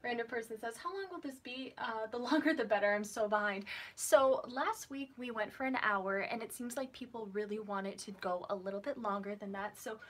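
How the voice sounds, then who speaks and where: A woman's voice: on the high side, fairly even intonation, a little fast, few pauses, fairly bright tone. Chatty woman hosting a live writing stream. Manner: chatty, many ums and restarts, reads out viewer comments. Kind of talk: casual live-stream chat.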